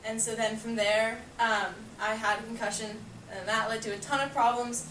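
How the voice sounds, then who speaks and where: A woman's voice: on the high side, steady tone, normal speed, fairly bright tone. A woman casually telling a funny personal story, chatty and laughing often, filling her talk with "like". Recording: echoey room, far from mic, noisy.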